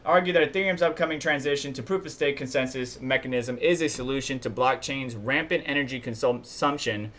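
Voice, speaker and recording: A man hosts a live stream from a home setup, running through the news in a loose, conversational way. His voice sits at a middle pitch, and he talks bluntly, griping openly as he goes. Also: a bit bright. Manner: chatty and blunt, complains openly.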